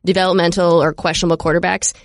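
Gravelly joking podcast host man. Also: sits high, flat delivery, dry recording, clean studio sound. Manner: joking, laughs often, quick asides. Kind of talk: casual sports podcast chat.

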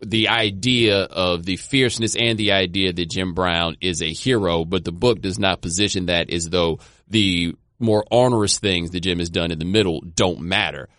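A man hosting a podcast, leading a relaxed and thoughtful conversation about a book. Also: sits low, normal speed, few pauses, no echo, studio quality. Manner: relaxed, thoughtful, loose phrasing with restarts. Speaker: podcast host. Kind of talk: conversational interview.

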